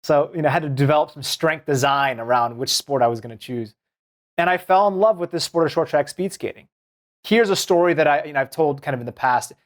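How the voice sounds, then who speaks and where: A man's voice: a little high, a little fast. A man in his thirties from Seattle, telling stories from his life as a guest in an interview, acting out the quotes. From Seattle, United States. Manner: animated storytelling, acts out quotes. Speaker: guest, former Olympic speed skater. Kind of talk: storytelling in a podcast interview.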